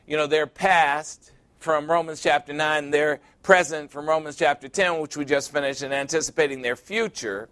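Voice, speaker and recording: Earnest preacher man, higher voice. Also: steady tone, moderate pace, fairly bright tone. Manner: earnest, call-and-response "Amen?". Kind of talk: sermon.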